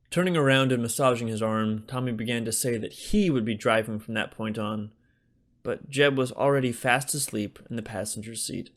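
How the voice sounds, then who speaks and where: A man, the author, narrating his own comic novel as an audiobook in a wry, deadpan delivery. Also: mid-range voice.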